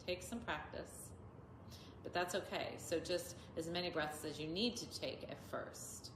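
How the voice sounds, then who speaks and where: A woman yoga teacher explaining mantras in a steady, guiding way and demonstrating the chants. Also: on the low side, unhurried. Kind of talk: calm instructional talk with chanted mantras. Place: yoga studio. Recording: echoey room with clear background noise.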